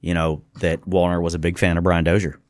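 A man's voice: low-pitched, little pitch movement, brisk, no room sound. A man who is a guest in a radio studio, talking sports casually and reading off stats, sometimes correcting himself mid-list.

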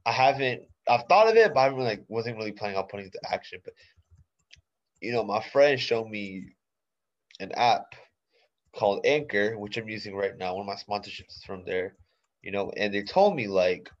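A man's voice: lowish voice, normal speed. A young man in his late teens hosting his own podcast alone, talking casually in laid-back slang with lots of fillers. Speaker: podcast host. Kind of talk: casual solo podcast monologue. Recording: dull lo-fi sound.

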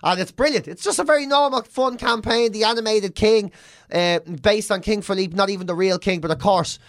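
A man's voice: sits high, fairly quick, a bit bright, dry recording, studio quality. A man in his forties with an Irish accent, co-hosting a podcast in casual, sweary, mocking banter. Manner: sweary, mocking, rambling storyteller. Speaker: podcast co-host.

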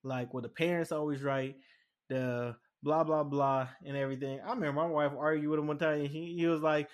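A young man talks in a relaxed, frank way. He tells his story with animation and jumps into the voices of the people he quotes. His voice sits a little higher than most men's. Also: brisk. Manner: blunt, frank. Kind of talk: casual chat.

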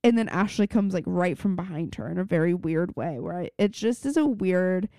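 A woman's voice: on the low side, lively intonation, brisk, warm tone, no echo, clean studio sound. A young woman co-hosting a podcast, chatting casually, full of 'like' and the odd swear. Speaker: podcast co-host. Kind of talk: casual recap chat. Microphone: remote call mic.

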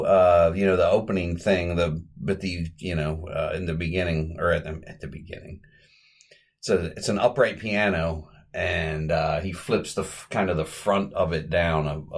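A man hosting a podcast, chatting casually through an old comedy short in a rambling way and correcting himself as he goes. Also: low voice. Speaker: podcast host. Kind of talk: casual podcast film recap.

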